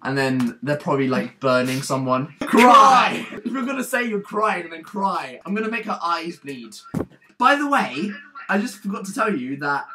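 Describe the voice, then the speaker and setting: A man from England chatting on a webcam video, excitable and shrieky, giggling often. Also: a little high, normal speed, background noise. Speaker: vlogger.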